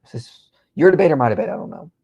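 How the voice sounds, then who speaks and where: A man's voice: medium pitch, expressive, gravelly, breathy edge, muffled recording. A man hosting a live stream, reading out viewer comments and replying in casual chat. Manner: reads out viewer comments and answers them quickly. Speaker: host.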